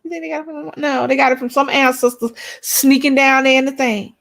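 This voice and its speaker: A woman's voice: sits high, fairly even intonation, fast talker, fairly bright tone. A woman co-hosting a casual chat show, blunt and outspoken, swearing freely and repeating her points for emphasis. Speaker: co-host of a couples' YouTube channel.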